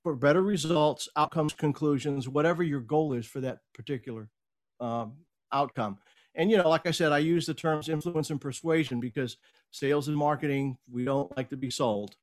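A middle-aged man, a guest on an interview show, telling a business story in a casual, animated way and acting out the quoted lines. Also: on the high side, normal speed. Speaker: podcast guest, speaker and coach.

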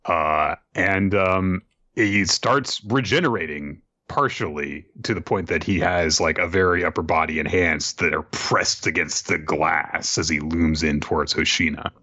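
Deep-voiced man, animated storyteller. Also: a little slow, dry recording, lo-fi sound. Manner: animated storyteller, laughs easily. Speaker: podcast co-host. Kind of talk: casual recap of an anime episode.

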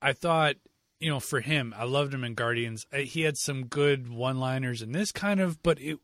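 A man's voice: mid-range voice, moderate pace, dry recording. Male host, casual movie talk, opinionated, dry close mic. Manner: opinionated, animated, repeats words. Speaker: podcast host. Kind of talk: casual movie review chat.

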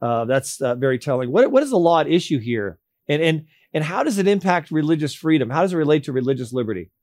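A man with a somewhat high voice hosts a legal interview and puts his questions deliberately. He hesitates often and repeats words as he goes. His voice sounds dry and close, with no room echo. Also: very animated, darkish tone. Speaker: host.

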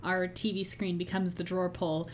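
A woman's voice: lowish voice, little pitch movement, moderate pace, slight background noise. A woman co-hosting a podcast, casually breaking down a TV episode in a thoughtful, self-deprecating way. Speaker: podcast co-host. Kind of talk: casual chat.

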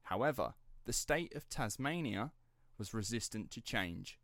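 Low-pitched man, casual podcast chat, rambling, close dry sound. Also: animated, measured pace, vocal fry, fairly bright tone, no room sound. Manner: rambling, laughs often, drifts off script. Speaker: podcast host.

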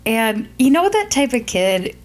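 A woman in her thirties co-hosting a casual podcast chat, telling lively stories and acting out what others said. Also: fairly high pitch, unhurried, a little hiss or hum. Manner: animated storyteller, acts out quoted kids. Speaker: podcast co-host.

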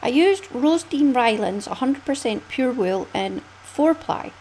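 Chatty Scottish woman, fairly high voice. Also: lively intonation, unhurried, a little mellow, slight background noise, low-quality recording. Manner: chatty, laughs often, swoops up in pitch. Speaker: podcast host. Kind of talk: casual knitting podcast chat.

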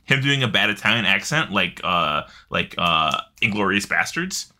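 A man co-hosting a casual gaming podcast, excitable, jokey and profane. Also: on the low side, moderate pace. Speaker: podcast co-host.

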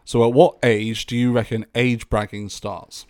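A man co-hosting a podcast, relaxed and casual, reading out listener questions and swearing now and then. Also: medium pitch, a little slow, no room sound, clean studio sound. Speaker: podcast co-host. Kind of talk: casual chat.

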